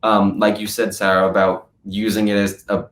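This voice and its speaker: Deep-voiced young man, echoey room. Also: normal speed. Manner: animated storyteller, many "like" fillers. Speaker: guest drummer. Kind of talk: casual interview chat.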